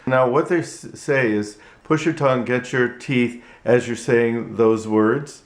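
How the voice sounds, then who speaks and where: A man teaching ventriloquism in a tutorial vlog, halting and repetitive, with frequent restarts. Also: medium pitch. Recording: echoey room.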